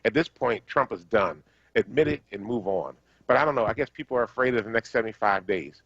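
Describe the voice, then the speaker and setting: A man hosting a talk radio show, talking in a halting way with many fillers and restarts. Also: lowish voice, animated, vocal fry, a bit bright, no echo. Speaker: radio host. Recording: dull lo-fi radio stream.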